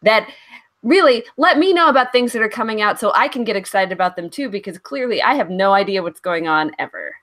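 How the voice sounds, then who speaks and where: A woman's voice: mid-range voice, lively intonation, fairly quick, fairly bright tone. A woman co-hosting a comedy podcast, joking self-deprecatingly and wrapping up the episode. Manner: self-deprecating, wraps up the show. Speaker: podcast co-host. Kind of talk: casual chat.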